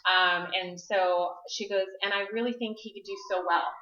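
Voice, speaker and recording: A woman's voice: medium pitch, fairly even intonation, normal speed, bright, forceful tone, reverberant, dull audio, slight background noise. A woman giving a chatty live-stream presentation to a small room, laughing often and telling a personal story. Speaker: network marketing presenter. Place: meeting room with small audience.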